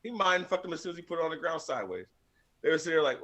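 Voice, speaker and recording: A man tells rowdy stories on a podcast panel. His voice sits a little high and bright, and it swoops widely as he acts out other people. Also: racing. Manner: animated storyteller, acts out others in high squeaky voices, swears freely. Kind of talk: casual chat.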